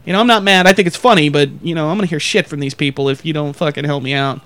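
A man's voice: a little high, racing, fairly bright tone. A man hosting a podcast, telling crude comedic stories in a rambling, profane way and acting out other people's lines. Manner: profane, rambling, acts out quotes in exaggerated voices. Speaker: podcast host.

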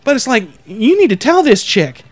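A man's voice: extremely high pitch, sing-song, normal speed, no room sound. A man hosting a podcast, telling crude comedic stories in a rambling, profane way and acting out other people's lines. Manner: profane, rambling, acts out quotes in exaggerated voices. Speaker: podcast host.

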